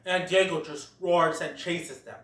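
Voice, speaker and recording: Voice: mid-range voice, measured pace, a bit bright. A movie reviewer giving a casual, giggly play-by-play of a cartoon film, recorded in a roomy space away from the mic. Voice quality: chatty, giggly retelling with quoted lines. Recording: roomy echo, distant from mic.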